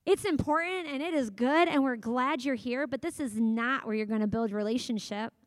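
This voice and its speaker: A woman in her thirties giving a sermon in a conversational, animated storytelling manner, acting out quotes from her family. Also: fairly high pitch, normal speed, no echo. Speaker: pastor.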